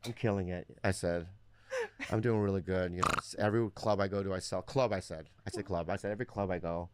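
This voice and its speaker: Fast-talking, stammering man in his fifties. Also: low-pitched, steady tone, very noisy. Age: 50s. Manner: rambling, stammering. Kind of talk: casual podcast chat.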